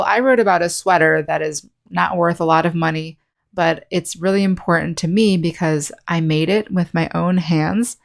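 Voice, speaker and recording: Woman English teacher, lowish voice, clear, patient lesson delivery. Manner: clear, slow, teacherly explanation with example sentences. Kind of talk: scripted online lesson.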